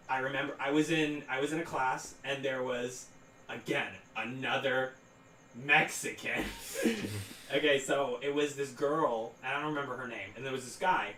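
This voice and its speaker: A man's voice: mid-range voice, fairly even intonation, a little slow, bright, forceful tone, recorded from a distance. A man in his twenties, co-hosting a podcast, telling a rambling story full of fillers and laughing through it. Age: 20s. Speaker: podcast co-host. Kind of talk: casual storytelling chat. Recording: roomy echo, off-mic, faint noise.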